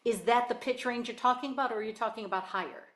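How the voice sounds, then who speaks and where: A woman's voice: a little high, quick pace, fairly bright tone. A woman teaching a one-on-one singing lesson, explaining exercises and demonstrating them in an encouraging way. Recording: echoey room with piano.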